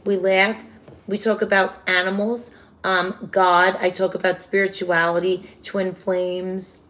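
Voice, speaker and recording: A woman's voice: medium pitch, flat delivery, a little slow, a bit bright. Chatty New York woman on a livestream. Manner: chatty, talks back to viewer comments. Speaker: livestream host. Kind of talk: casual livestream chat reading viewer comments.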